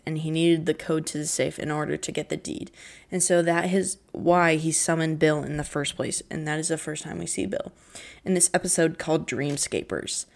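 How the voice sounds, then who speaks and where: Emotional woman gushing over a show, low voice. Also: darkish tone. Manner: heartfelt, emotional, lots of "like" fillers. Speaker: fan commentator. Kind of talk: casual fan commentary.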